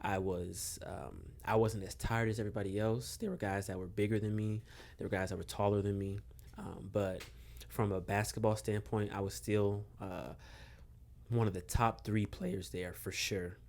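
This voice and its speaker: A young man from Maryland, a guest on a podcast, telling a relaxed story with lots of fillers and chuckles. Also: fairly low pitch, moderate pace, gravelly. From Maryland, USA. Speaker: podcast guest, basketball coach. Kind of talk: casual storytelling interview.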